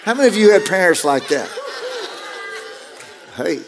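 A man's voice: high-pitched, sing-song, normal speed, crowd noise. A man preaching a sermon to his congregation, conversational and anecdotal, acting out parents and kids. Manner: conversational preaching with acted-out parent and child quotes. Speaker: pastor.

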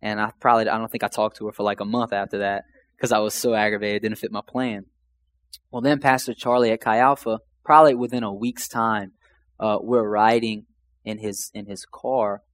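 A man's voice: fairly low pitch, fairly even intonation, brisk. A young man from Louisiana casually telling his faith testimony, rambling and emotional, full of "man" and "like". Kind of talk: casual personal storytelling.

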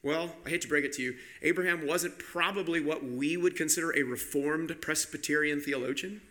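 A man preaching a sermon with emphatic delivery, slowing down and speeding up to stress his points. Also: fairly high pitch, sharp tone. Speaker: pastor.

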